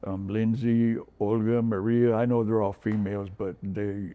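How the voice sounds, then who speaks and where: A man's voice: fairly low pitch, flat delivery, unhurried, narrow, tinny audio. A man in his sixties from San Diego, giving a personal testimonial in an interview, talking in a rambling way with many fillers and restarts. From San Diego, California. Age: 60s. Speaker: recovery program resident.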